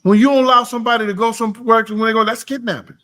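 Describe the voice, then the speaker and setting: This man co-hosts a laid-back reaction podcast, hammering his points, saying them again, and fading into low mumbles. He speaks very fast with a bright, forceful, steady tone.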